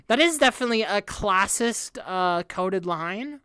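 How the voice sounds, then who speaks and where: A young woman talks through a reaction stream, stopping and restarting as she works out lyrics and laughing at herself. Her voice is smooth and clear, recorded dry and close. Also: mid-range voice, expressive, measured pace, fairly bright tone, dry recording. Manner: thinks aloud, hesitant restarts, frequent laughs, swears. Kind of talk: casual reaction stream, reading lyrics aloud.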